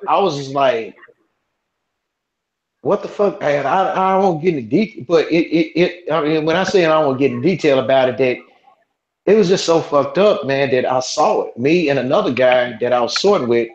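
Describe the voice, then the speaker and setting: A man's voice: medium pitch, normal speed. A man in his forties, a podcast host, telling a story in casual chat, rambling with lots of restarts and cursing. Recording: roomy, dull lo-fi sound.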